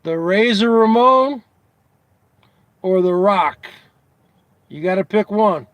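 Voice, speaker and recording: A man hosting a casual comedy show, asking his audience teasing questions over and over in a drawn-out way. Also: high voice, a bit bright, no room sound. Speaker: host.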